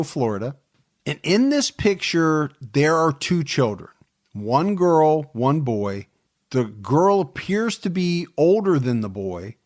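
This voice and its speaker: A man co-hosting a true crime podcast, chatting casually and teasing his co-host, often laughing. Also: on the high side.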